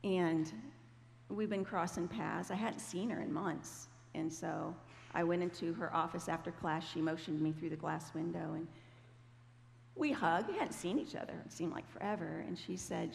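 A woman's voice: fairly low pitch, moderate pace, vocal fry. A woman giving a personal testimony at church in a conversational storytelling way, acting out the voices she quotes. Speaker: church speaker. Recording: echoey hall, faint noise.

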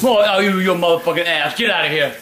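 Older man, very high-pitched and piercingly bright, explosive cursing rants, roomy home-kitchen echo. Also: fast talker, distant mic, a little hiss or hum. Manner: explosive yelling and heavy cursing. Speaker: grandfather in a family prank vlog. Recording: echoey room.

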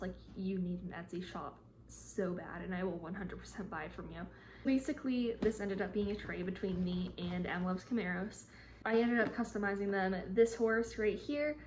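A woman talking casually to her viewers during an unboxing, bubbling over with excitement and gasping at every new find. Her voice sits at an ordinary middle pitch. A clear hiss of noise runs under the home recording. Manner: gushing, excitable, many gasps and "oh my gosh". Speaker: model horse customizer. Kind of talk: casual unboxing chat to camera.

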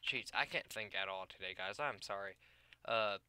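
A young man talks through his building game in a loose, rambling way, stopping often to hunt for words. His voice is very bright and clean, set a little low. He sounds tired, and keyboard clicks come from a desk mic. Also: moderate pace, clear, resonant tone, no room sound. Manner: rambling, loses his train of thought, many fillers. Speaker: gaming YouTuber. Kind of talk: casual gameplay commentary.

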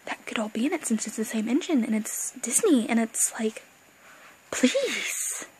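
A young woman chatting excitedly as a fan vlogger, rambling and gushing, with bursts of excitement and quiet asides. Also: a little high, measured pace, breathy edge, low-quality recording. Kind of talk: excited casual fan chat.

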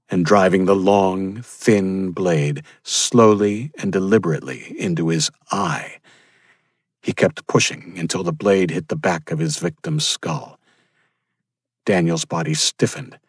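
A man narrating a thriller audiobook in a steady, grim storytelling manner. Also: low voice, husky, dry recording, studio quality. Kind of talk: scripted narration.

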